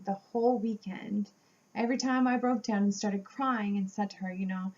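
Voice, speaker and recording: Animated woman telling a story, lo-fi. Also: medium pitch, normal speed. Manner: animated storytelling, acting out quotes with laughs. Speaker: vlogger. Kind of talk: storytime vlog.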